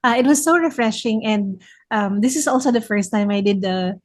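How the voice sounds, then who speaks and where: A woman's voice: fairly high pitch, moderate pace, darkish tone. Encouraging woman podcast host. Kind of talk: casual interview chat.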